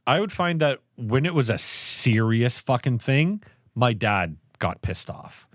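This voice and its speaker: A man co-hosting a casual podcast, telling stories and swearing freely. His pitch swings widely as he acts out scenes. The sound is close and dry, with no room around it. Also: unhurried, no room sound. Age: 30s. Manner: animated storytelling, swears often. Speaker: podcast co-host.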